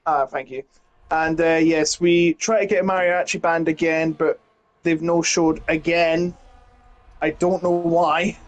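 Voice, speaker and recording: A man's voice: on the high side, level tone, a little slow, dull audio. A man doing casual colour commentary on a sim racing session, rambling and correcting himself as he talks. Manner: rambling, self-correcting, chatty.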